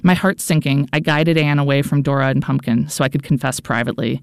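Smooth-voiced woman reading an audiobook. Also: deep voice, fairly quick, no room sound, clean studio sound. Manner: earnest, anxious inner monologue. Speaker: audiobook narrator. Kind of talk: first-person audiobook narration.

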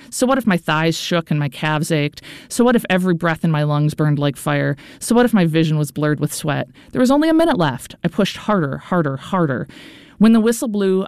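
A woman's voice: on the low side, a little mellow, clean tone, no echo, clean studio sound. A woman narrating a first-person audiobook in an earnest, anxious inner-monologue manner.

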